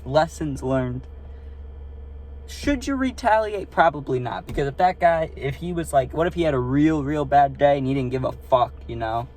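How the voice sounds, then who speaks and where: A man's voice: medium pitch, normal speed, few pauses, darkish tone. A young man casually telling a rambling, profane story from inside his car, full of fillers and asides to the listener. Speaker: storytime vlogger. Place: parked car.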